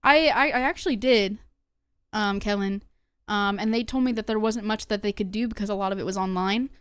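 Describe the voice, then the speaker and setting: A woman's voice: mid-range voice, brisk, a bit bright, clean tone, no echo. A young woman streamer talking casually to her chat, rambling with lots of fillers and restarts. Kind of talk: casual livestream talk to chat.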